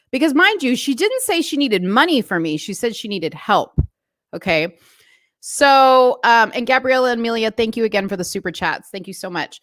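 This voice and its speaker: A woman vlogger telling a story in a casual, animated rant full of asides. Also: fairly high pitch, normal speed, dry recording, clean studio sound. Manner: chatty, animated retelling with asides.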